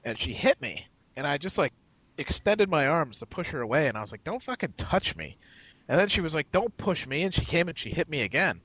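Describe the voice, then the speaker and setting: A podcast co-host tells a rambling, profane story in casual chat, acting out the other people in it with quoted voices. His slightly high voice swings widely in pitch at a quick pace, bright and forceful, on poor audio with no room sound.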